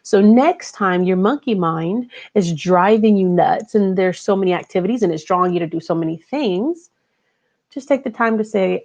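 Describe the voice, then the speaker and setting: Gravelly-voiced woman giving a motivational talk. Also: mid-range voice, normal speed, a little mellow, dull audio. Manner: conversational, repeats key phrases. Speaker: podcast host, life coach.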